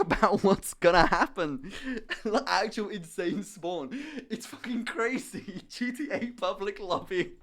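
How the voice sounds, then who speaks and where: A young man from Somerset, a streamer chatting casually while he paints, telling stories excitably with lots of swearing and laughter. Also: high voice. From Somerset, England. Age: young adult.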